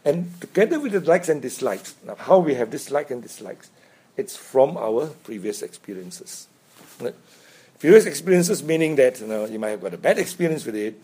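A man's voice: mid-range voice, sing-song, moderate pace, mellow, slightly rough. A man giving an informal Buddhist dharma talk, chatty, chuckling often and checking in with "right?". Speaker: Buddhist teacher.

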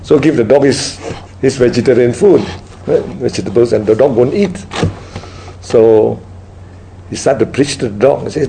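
On poor audio with a little hiss or hum, a Buddhist teacher delivers a dharma talk that takes audience questions. His mid-range voice is creaky and dark, and he unfolds stories slowly, ending almost every point with a tag question like "right?" to check in with his listeners.

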